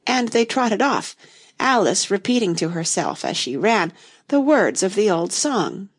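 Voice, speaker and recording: Gravelly-voiced woman reading a storybook. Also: fairly low pitch, expressive, moderate pace. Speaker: narrator.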